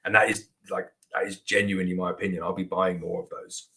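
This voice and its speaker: A man with a notably low voice talks loosely and conversationally as host of a live viewer Q&A. He rambles, restarts sentences and leans on "like" as a filler. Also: level tone, fast, creaky, pushed and bright, low-quality recording. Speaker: beekeeper host answering viewer questions. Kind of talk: casual live Q&A chat.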